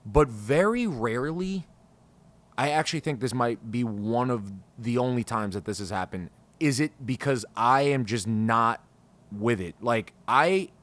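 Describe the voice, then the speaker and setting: A man's voice: mid-range voice, a bit bright. Male podcast host, casual and scattered, profane, rambling solo talk, mid-range voice. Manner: frustrated, rambling, swears freely. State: over-caffeinated, scattered. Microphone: podcast microphone.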